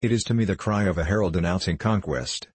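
A man's voice: low voice, quick pace, a little mellow, breathy edge, no room sound. A man voicing a passionate young male poet in an audiobook reading, speaking in a declamatory way. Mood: impassioned. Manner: impassioned, declamatory.

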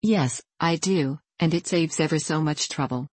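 Lady reading as an earnest little country girl, straight-talking, low voice, dry. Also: normal speed, a little mellow, no room sound. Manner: plain-spoken and earnest. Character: frank, well-mannered country girl, earnest.

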